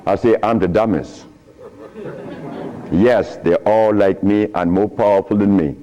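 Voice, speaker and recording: A man's voice: lowish voice, measured pace, lo-fi sound. Older guy lecturing a crowd, voice swoops up and down a lot, chuckles as he tells stories. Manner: animated, chuckling, acts out dialogue. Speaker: speaker addressing an audience. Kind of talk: storytelling lecture to a live audience.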